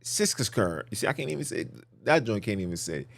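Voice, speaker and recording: A man's voice: lowish voice, very animated, quick pace, gravelly, a bit bright. A man hosting a podcast, teaching scripture in a casual preaching style, repeating phrases and asking the listeners questions. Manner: repetitive, emphatic, rhetorical questions.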